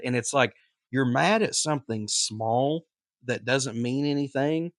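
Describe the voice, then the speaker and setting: A man's voice: medium pitch, normal speed, no echo. Guy on a podcast rambling kinda earnest, lotta ums, mid voice, dead dry mic. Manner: rambling, filler-heavy, earnest. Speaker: podcast co-host. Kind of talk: casual podcast chat.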